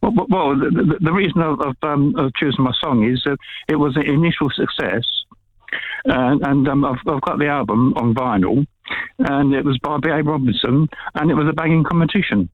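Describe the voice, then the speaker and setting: A man's voice: a little high, a little fast, no echo. A man calling in to a radio show, talking hesitantly with stammering repeats. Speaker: caller. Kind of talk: phone-in chat. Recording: tinny phone line.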